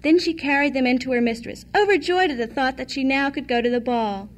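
A woman reads a classic fairy tale aloud in an even, measured manner. Her voice sits high. She paces the narration steadily. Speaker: storyteller.

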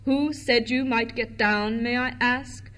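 A woman voicing a stern, prim nanny with a crisp, clipped delivery. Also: a little high, animated, normal speed, a little hiss or hum, natural voice.

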